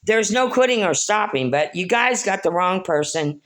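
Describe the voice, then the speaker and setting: A woman's voice: medium pitch, lively intonation, moderate pace, a bit bright. A middle-aged woman rambling through a personal monologue to her viewers, blunt, scolding and preachy, calling them "folks.". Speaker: spiritual vlogger.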